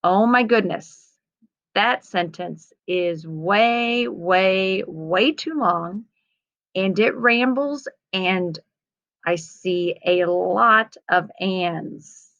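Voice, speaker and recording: A woman teacher gently talking young students through editing her writing, reading aloud patiently. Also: medium pitch, very slow, dry recording. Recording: slightly dull lo-fi sound.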